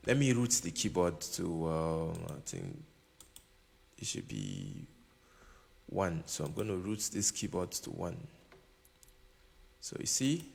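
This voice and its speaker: This man's deep, darkish, creaky voice moves in huge pitch swings, slow and broken by long pauses. He plays a keyboard while casually teaching music production, repeating himself and checking the listener's understanding. It's recorded in a long-reverb room with keyboard music in the background.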